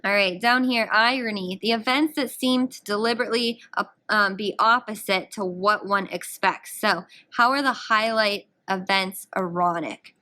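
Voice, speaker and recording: A woman English teacher giving a recorded guided reading lesson, explaining a story in an animated, explanatory way. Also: mid-range voice, normal speed, hardly any pauses.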